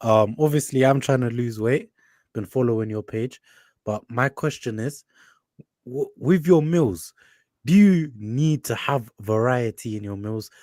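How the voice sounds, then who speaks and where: Young-sounding London caller, polite and hesitant, dry close sound. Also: male voice, medium pitch, measured pace, a little mellow, no echo. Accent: London English. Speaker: caller on a live stream. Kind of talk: asking questions on a live call.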